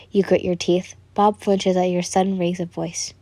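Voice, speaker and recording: A woman reading a fan story aloud as narrator, in a calm, even way. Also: fairly low pitch, moderate pace, hardly any pauses, no echo.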